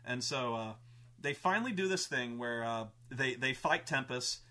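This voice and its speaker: A man serving as host and game master tells a tabletop campaign story, excitable and profane, restarting often. His voice is medium-pitched at a moderate pace.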